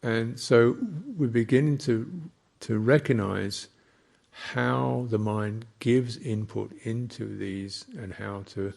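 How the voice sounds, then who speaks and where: Slow and reflective, with pauses between his phrases, a man gives a Buddhist dharma talk. The voice is a little low, husky and gravelly, steady in tone and a little mellow.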